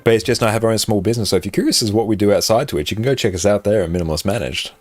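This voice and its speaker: This live streamer, an Australian from South Australia, talks very fast in a fairly low voice while gaming, casually chatting, reading out questions from viewers and laughing easily. Soft background music plays under his desk-microphone audio.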